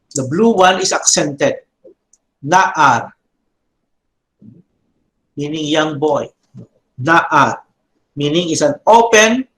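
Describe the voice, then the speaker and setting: A man teaching a Biblical Hebrew grammar class, speaking slowly, repeating terms and checking in with "no?" and "okay?". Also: a little high, bright, forceful tone, echoey room, poor audio.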